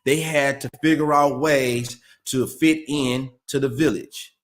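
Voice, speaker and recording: A man's voice: mid-range voice, fairly even intonation, measured pace. A man in casual conversation, explaining dog training earnestly and often repeating words as he searches for them.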